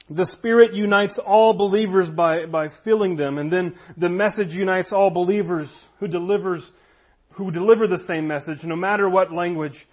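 High-voiced man preaching a sermon. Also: lo-fi sound. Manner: conversational, storytelling, reads scripture aloud. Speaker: pastor. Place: church room with congregation.

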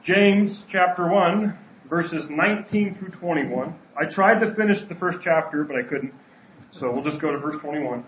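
A man's voice: on the high side, unhurried, slight background noise. A man preaching a sermon to his congregation as their pastor, in a conversational, joking way. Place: church sanctuary. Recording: echoey, dull church recording.

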